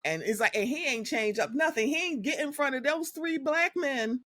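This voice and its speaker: A woman hosting a casual podcast, telling stories in an animated, sassy way. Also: sits high, normal speed, dry recording, clean studio sound. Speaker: podcast host.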